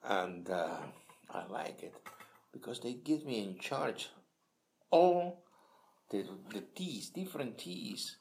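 An older man from Peru, a native Spanish speaker with a Peruvian Spanish accent, telling his life story in halting English with many restarts at a kitchen table. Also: medium pitch, animated, creaky, darkish tone. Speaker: interviewee. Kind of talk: casual storytelling.

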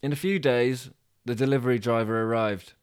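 A man narrating a comic story with dry, deadpan asides. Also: medium pitch, a little fast, clean tone. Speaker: podcast host and storyteller.

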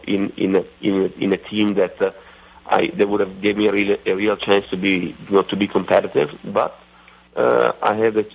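Gravelly Italian-accented man, lo-fi radio. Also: lowish voice. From Italy. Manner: halting, many fillers and restarts. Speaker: racing driver guest. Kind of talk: radio interview. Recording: muffled lo-fi radio sound.

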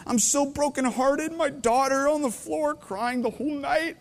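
A man in his thirties preaching a heartfelt sermon, tearful, his voice swinging between hushed and intense. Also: very high voice, a little slow, vocal fry, long reverb tail. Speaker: pastor. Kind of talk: emotional sermon.

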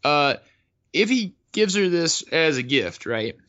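A man's voice: on the high side, sing-song, takes it slowly, bright, forceful tone, highs cut off. A man co-hosting a comedy podcast, laid-back and dry, with lots of fillers. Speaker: podcast co-host. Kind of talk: comedic casual chat.

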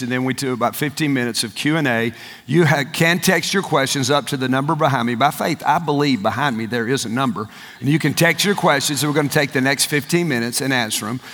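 A male pastor preaching a sermon, impassioned and often shouting, turning to the crowd with asides. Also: mid-range voice, in a large hall.

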